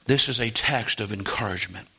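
A man preaching a sermon, often asking the congregation "Amen?" and swinging from hushed tones to loud rising calls. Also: on the low side, fairly quick, breathy edge. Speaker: pastor.

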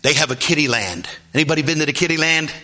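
A male pastor delivering a sermon, swinging between quiet low asides and high, shouted exclamations. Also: expressive, fast. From Philadelphia area.

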